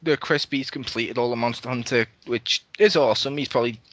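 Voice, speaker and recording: A man's voice: medium pitch, a little fast. Een man die een gamepodcast presenteert en opgewonden praat, vaak lacht en losjes vloekt. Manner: excitable, laughs often, swears casually. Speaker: podcast host. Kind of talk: casual gaming podcast chat.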